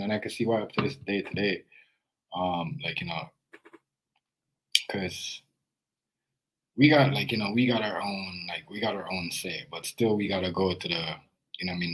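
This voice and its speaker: A man's voice: deep voice, breathy edge, rough recording. A young Jamaican man with a Jamaican accent telling his own story in a loose, rambling way, full of fillers and restarts. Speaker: video creator. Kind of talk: casual personal storytelling.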